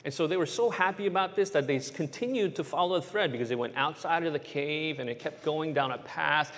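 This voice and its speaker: A man's voice: fairly high pitch, brisk, long reverb tail. Man telling a children's sermon story. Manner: animated storyteller, keeps checking in with "right?". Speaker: pastor.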